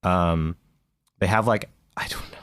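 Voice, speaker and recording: Deep-voiced man in hesitant casual chat. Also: measured pace, fairly bright tone, clear, resonant tone, no echo, clean studio sound. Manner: hesitant, many fillers and restarts. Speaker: podcast co-host. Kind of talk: casual chat about video games.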